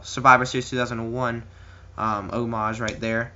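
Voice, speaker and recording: Young male vlogger, bright edgy voice, rambling casual predictions, muffled lo-fi home mic. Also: medium pitch, level tone, normal speed. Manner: rambling, many ums and uhs, chuckling asides. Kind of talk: casual solo commentary.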